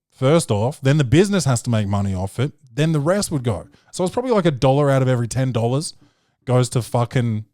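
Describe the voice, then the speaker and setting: A young man hosting a podcast, telling stories in a profane, slangy, animated way. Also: mid-range voice, dry recording, clean studio sound. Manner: swearing, slangy, animated storytelling. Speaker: podcast host. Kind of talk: casual profane monologue.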